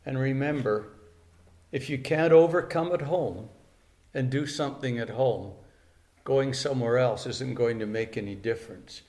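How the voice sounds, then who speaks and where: A man's voice: medium pitch, moderate pace, a little mellow. An older man preaching a sermon in an earnest way, repeating key phrases for emphasis.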